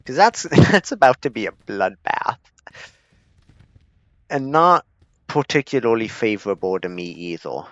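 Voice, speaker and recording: A man talks through a strategy game in an unhurried, chuckling way, teasing himself as he goes. His voice is mid-pitched but lively, rising and falling a lot. The recording sounds dry and slightly dull. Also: no echo. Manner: laid-back, chuckling, self-deprecating. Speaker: gaming streamer. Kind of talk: strategy gameplay commentary.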